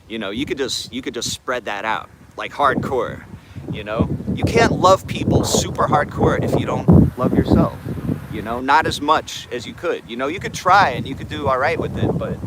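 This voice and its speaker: A man's voice: mid-range voice, heavy background noise. A man hosting a live morning affirmation stream, talking in laid-back slang and greeting chat viewers by name. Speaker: livestream host.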